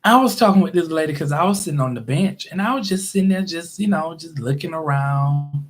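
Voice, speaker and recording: Chatty high-voiced man telling stories. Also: fairly quick. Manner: chatty, rambling, laughs often, acts out quoted voices. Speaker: YouTube live streamer. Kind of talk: casual storytelling monologue.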